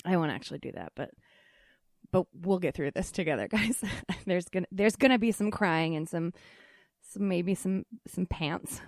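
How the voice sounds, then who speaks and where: A woman's voice: on the low side, lively intonation, moderate pace, a little mellow, dry recording. A young adult woman hosting her own podcast, chatting casually and confessionally with a rambling, self-deprecating manner and many filler ums, close on the microphone. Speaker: podcast host.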